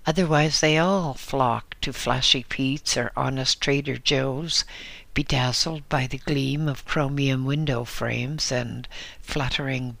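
A male narrator reads a story in a slow, deliberate way. His voice is bright with a gravelly texture. The recording is close and dry. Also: mid-range voice, no echo.

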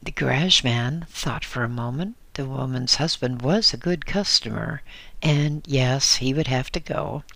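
Slow, gravelly male storyteller. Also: medium pitch, pushed and bright, no room sound. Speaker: narrator. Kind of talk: scripted story narration.

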